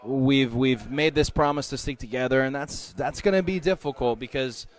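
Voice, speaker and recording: A man, a professional wrestler, answering interview questions in a candid, relaxed and conversational way. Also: mid-range voice, moderate pace.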